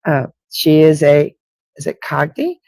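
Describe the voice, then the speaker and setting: A woman's voice: deep voice, sing-song, unhurried, a little mellow, no echo. A woman giving intuitive readings on a live stream, speaking directly and reassuringly and repeating her key points. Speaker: psychic reader.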